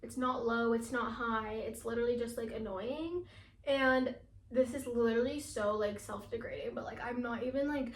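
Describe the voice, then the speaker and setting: A teenage girl vlogging in a casual, chatty way, talking fast with lots of fillers and laughing often. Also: on the high side, roomy sound, slight background noise. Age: teens. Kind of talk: casual chat.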